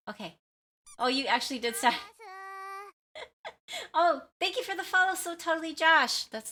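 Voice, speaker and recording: A woman's voice: mid-range voice, pushed and bright, slight background noise. A woman streamer chatting casually with viewers, rambling with lots of fillers, giggles and apologies. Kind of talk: casual livestream chat with viewers.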